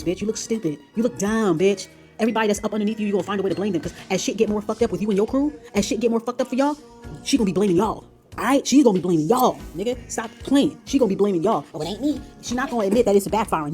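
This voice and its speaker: A woman rants in a confrontational, profane stream. Her words come very fast over faint background music, pitched at an ordinary middle level. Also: dark tone. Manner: profane, confrontational, rapid ranting. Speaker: tarot channel host. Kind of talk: heated commentary on played clips.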